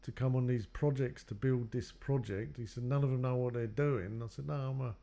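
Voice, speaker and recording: A man's voice: medium pitch, fairly even intonation, a little fast, gravelly, warm tone. A man telling his own life story in a loose, rambling way, acting out what others said to him. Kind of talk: personal storytelling.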